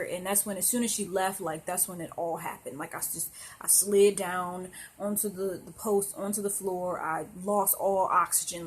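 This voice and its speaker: A young woman recounts a personal story straight to her camera, talking casually and emotionally. She keeps restarting her sentences and leaning on fillers as she goes. Her pitch sits in an ordinary middle range, and a faint room noise runs underneath. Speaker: vlogger.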